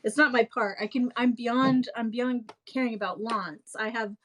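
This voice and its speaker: A woman's voice: fairly high pitch, steady tone, moderate pace, fairly bright tone, slight background noise, low-quality recording. A young woman hosting a live stream in casual chat, rambling and full of fillers and restarts.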